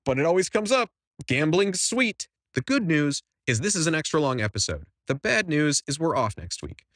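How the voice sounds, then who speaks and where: A young man hosting a podcast, telling a casual story with animated quoted voices. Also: fairly high pitch, fairly quick, no echo, clean studio sound. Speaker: podcast host.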